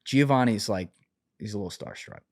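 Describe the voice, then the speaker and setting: A man in his twenties, a podcast guest, telling a story in a casual, animated way, full of swearing and fillers. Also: on the low side, fairly quick, no room sound, studio quality. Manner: animated, profane, filler-heavy.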